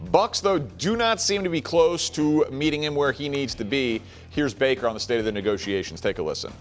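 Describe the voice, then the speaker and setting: A man hosting a sports talk show, who sets up topics and backs his points with statistics in a brisk, analytical way. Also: medium pitch, expressive, soft background music. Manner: brisk, stat-heavy and analytical.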